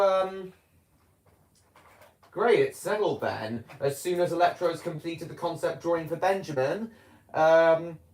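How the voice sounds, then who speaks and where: A man chatting casually on a home video, rambling and hesitant, with many fillers and restarts. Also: a little high. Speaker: vlogger. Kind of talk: casual chat. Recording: roomy echo.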